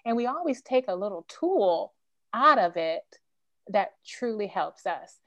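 A woman's voice: medium pitch, very animated, measured pace, a bit bright, no room sound. A middle-aged woman speaking earnestly and emotionally as a podcast guest. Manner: earnest, emotional, faith-driven storytelling. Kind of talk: candid interview conversation.

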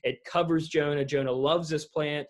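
A man in a casual church discussion, retelling a Bible story in an animated, conversational way. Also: fairly high pitch, normal speed. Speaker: church leader in a podcast discussion.

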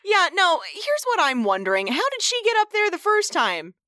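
High, bright-voiced woman co-host. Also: normal speed, no room sound, clean studio sound. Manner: animated, laughs often, mimics characters. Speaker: podcast co-host. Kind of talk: casual film-recap chat.

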